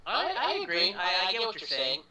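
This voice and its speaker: A man's voice: high voice, huge pitch swings, brisk, distant mic, over a noisy crowd. A man hosting a casual film retrospective, earnest and stumbling over his starts. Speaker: podcast host. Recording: roomy room echo.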